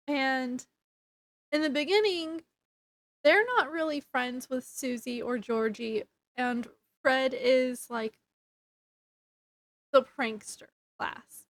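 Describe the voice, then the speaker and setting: Slow, high-voiced woman reviewing a book. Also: fairly bright tone, no echo. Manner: rambling, hesitant, with fillers and self-corrections. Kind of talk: casual book review vlog.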